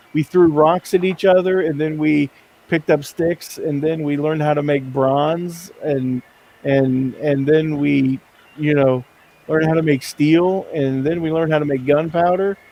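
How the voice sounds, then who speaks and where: A man's voice: fairly high pitch, steady tone, unhurried, warm tone, rough recording. Rambling, chuckling man chatting casually. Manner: rambling, laughs often, many restarts. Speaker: streamer host. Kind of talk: casual chat while working. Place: indoors at a work desk.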